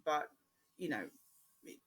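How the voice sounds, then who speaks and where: A woman born in Jamaica, speaking with an English accent, hosting her own podcast in a chatty, rambling way with frequent pauses. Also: fairly bright tone. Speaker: podcast host. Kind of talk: casual solo podcast chat.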